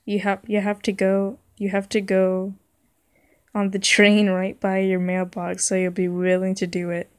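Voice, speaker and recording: A young woman reading as a mom coaxing her kid into an errand. she trips over the words and is half laughing, and it's read slow and unhurried, with no big put-on voice. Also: mid-range voice, completely flat delivery, no echo, natural voice. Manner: stumbling, half-laughing delivery. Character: a mother asking a favor.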